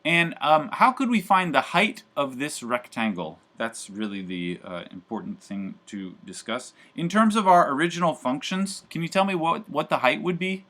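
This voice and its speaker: A man's voice: on the high side, big pitch swings, moderate pace, hardly any pauses, sharp tone. A man teaching a live university calculus class, talking casually with lots of fillers and joking asides. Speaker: university math professor.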